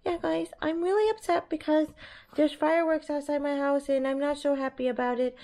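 A woman's voice: sits high, steady tone, brisk, mellow, pitched above the performer's own voice. A woman voicing her upset little female pet dog in a whiny, complaining way.

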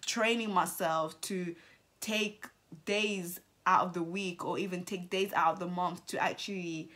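A woman's voice: on the low side, fairly even intonation, measured pace, a bit bright. A woman in her twenties, a vlogger and entrepreneur, talking to the camera in a heartfelt, reflective way and repeating phrases for emphasis. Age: 20s. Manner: emotional, close to tears at times. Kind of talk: reflective birthday vlog talk. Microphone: camera mic, talking to camera.

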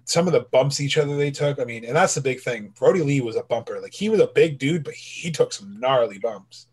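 A man's voice: medium pitch, animated, fairly quick, husky. A man co-hosting a wrestling podcast, chatting casually and acting out quotes when he tells a story. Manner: chatty, acts out quotes when telling an anecdote. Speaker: podcast co-host.

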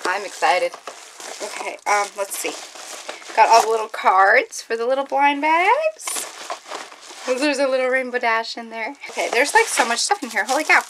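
A young woman vlogger opening fan mail in casual chat, excitable and often gasping and squealing with delight. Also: on the high side, normal speed, noisy background.

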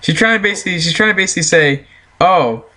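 A man's voice: high voice, expressive, quick pace, sharp tone. A man telling a story as a casual, heated, profane rant, breaking into laughter now and then.

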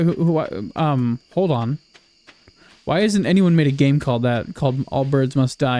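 A man's voice: on the high side, darkish tone. A man giving casual, rambling commentary while playing a farming game. He swears often and drifts into jokey tangents. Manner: joking, swears freely, rambling asides. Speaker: gaming video creator.

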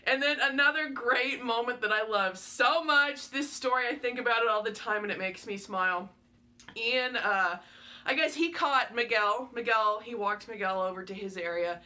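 A young woman vlogger telling a story in a casual, excitable, gushing way, with lots of fillers. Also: a little high, normal speed.

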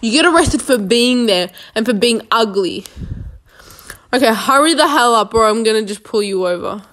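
A woman's voice: on the high side, lively intonation, normal speed, fairly bright tone. A woman giving casual, sarcastic running commentary while playing a police game, joking and talking to herself.

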